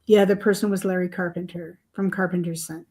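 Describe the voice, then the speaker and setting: This older woman has a fairly low, darkish voice, a flat delivery, and a fast way of talking. She's an author guesting on a podcast, telling her story chattily and ramblingly, with plenty of fillers and small laughs.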